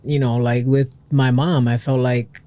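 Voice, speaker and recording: A man co-hosting a podcast in casual heart-to-heart chat, a supportive listener who keeps affirming with quick agreements. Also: medium pitch, flat delivery, dark tone. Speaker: podcast co-host.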